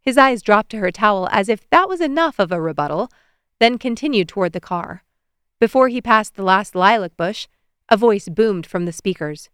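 Woman reading an audiobook, smooth voice, dry close sound. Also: medium pitch, expressive, normal speed, no echo. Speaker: narrator. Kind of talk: scripted audiobook narration.

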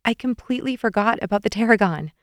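A woman's voice: on the high side, lively intonation, quick pace, no echo, natural voice. A woman voicing a slightly weary young man who teases dryly, in an audiobook. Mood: mild exasperation. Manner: dry, teasing.

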